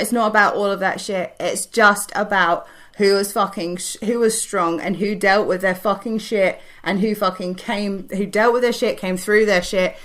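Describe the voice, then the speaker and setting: A woman's voice: mid-range voice, a bit bright. A young woman, a podcast co-host and wrestler, telling a candid story with heavy swearing and earnest, tumbling restarts.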